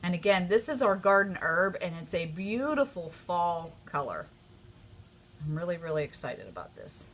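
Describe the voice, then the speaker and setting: Woman host, casual live craft demo, bright tone, eager and effusive. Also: lowish voice, moderate pace, a little hiss or hum. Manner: chatty and easily excited, gushing. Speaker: craft demonstrator hosting a live stream.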